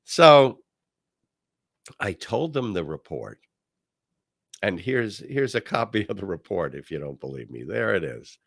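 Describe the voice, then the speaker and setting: A man hosting a podcast, telling a personal story in a casual monologue. He acts out the quoted voices at a higher pitch and drops low and quiet on his asides. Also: big pitch swings, moderate pace, creaky, no echo, studio quality. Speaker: podcast host.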